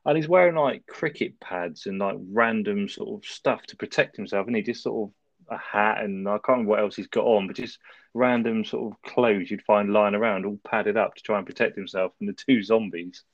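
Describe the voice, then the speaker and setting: A man, co-hosting a casual film review chat, recapping the plot in a relaxed way and laughing often. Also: fairly low pitch, a little fast, dry recording, lo-fi sound. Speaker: podcast co-host.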